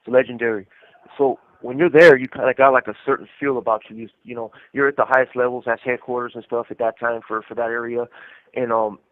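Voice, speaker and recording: Quick-talking man over a phone line. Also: mid-range voice, level tone. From California. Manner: rapid, profane, rambling with many fillers. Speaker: co-host. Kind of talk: casual storytelling on a live call-in show. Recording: tinny phone line, dry.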